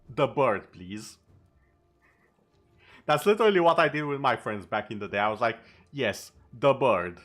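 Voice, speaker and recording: A man's voice: medium pitch, bright, forceful tone. A male streamer in casual chat over gameplay, talking easily and tossing in sarcastic asides.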